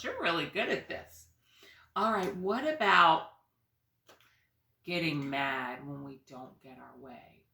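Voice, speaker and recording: A woman preschool teacher talks slowly and sing-song to young children, coaxing and encouraging, slipping into soft asides. Her voice is bright and a little low for a woman. The room around her echoes. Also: gravelly. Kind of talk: reading to young children and leading a class activity.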